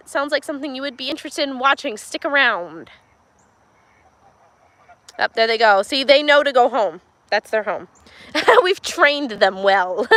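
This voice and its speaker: A woman's voice: sits high, bright, forceful tone. A woman hosting a casual livestream while doing farm chores, chatting to viewers, talking to her animals and laughing often, recorded on a handheld phone in a farmyard and barn. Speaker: livestream host.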